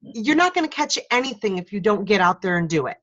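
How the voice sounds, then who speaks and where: Bright-voiced woman chatting earnestly. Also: medium pitch, big pitch swings, fast talker, lo-fi sound. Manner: earnest, builds out analogies, finishes others' thoughts. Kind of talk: casual chat.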